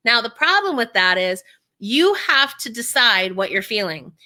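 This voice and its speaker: Energetic lady coach, sharp bright tone, kinda high, acts out voices. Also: normal speed. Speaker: guest speaking coach. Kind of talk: interview, explaining techniques.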